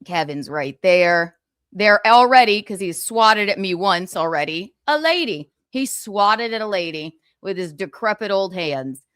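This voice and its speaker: A woman's voice: mid-range voice, expressive, unhurried, a bit bright, clean tone, no room sound, clean studio sound. A woman in her thirties hosting a livestream, giving casual gossip commentary with sarcastic, profane asides and laughter. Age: 30s. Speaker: livestream host.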